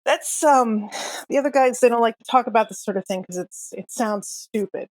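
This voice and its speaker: A woman's voice: a little high, normal speed, no echo, lightly acted. A woman voicing a weary older male coffee-van vendor who talks hesitantly and confides reluctantly, in a tabletop game. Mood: confiding.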